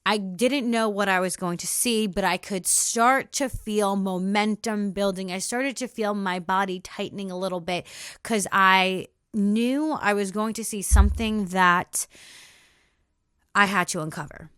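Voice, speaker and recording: A woman podcast host telling a personal story with feeling, repeating phrases and slowing down for emphasis. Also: medium pitch, steady tone, a bit bright, clean tone, no room sound, studio quality.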